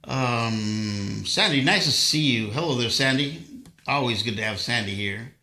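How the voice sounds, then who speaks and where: Slow-talking man in a roomy space. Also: medium pitch, pushed and bright. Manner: rambling, tells corny jokes. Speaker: livestream host and guitarist. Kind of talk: casual chat between songs. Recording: roomy echo with faint guitar.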